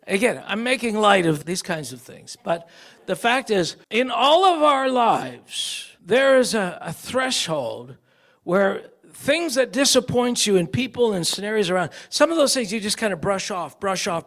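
A man's voice: high voice, big pitch swings, measured pace, a bit bright. A male preacher giving a sermon, telling stories and acting out the voices of people he quotes.

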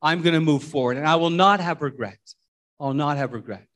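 A man's voice: a little high, a bit bright. A middle-aged man delivers a sermon in a slightly raised voice. He tells personal stories in a folksy way, stumbling and repeating words as he goes. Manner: halting, repeats words and restarts often; folksy, storytelling. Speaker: pastor.

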